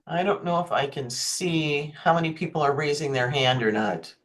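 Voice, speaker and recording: A woman's voice: deep voice, moderate pace. A woman giving an online marketing workshop on a video call, chatty and often checking in with her listeners. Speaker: marketing presenter.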